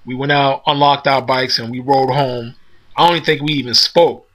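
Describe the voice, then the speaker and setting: Bright-voiced man telling a street story. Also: mid-range voice, steady tone. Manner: loose street slang, acts out friends' lines in quick voices. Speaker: storyteller recounting arcade days. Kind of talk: casual storytelling monologue.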